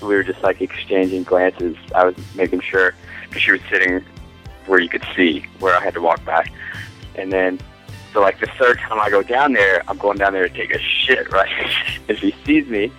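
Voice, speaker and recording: A man with a bright, forceful voice that sits on the low side, telling a rambling story in casual chat. He is crude and loose and laughs through his own lines. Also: fairly even intonation, normal speed, faint music behind, low-quality recording. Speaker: podcast guest.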